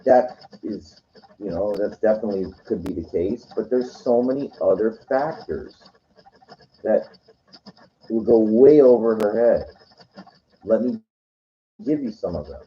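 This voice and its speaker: Man, very low voice, casual rambling monologue, lots of fillers and restarts, dull lo-fi sound. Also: expressive, measured pace, a little hiss or hum. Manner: meandering, heavy on "you know" and "like", frequent restarts. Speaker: weekend vlogger. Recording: dull lo-fi recording.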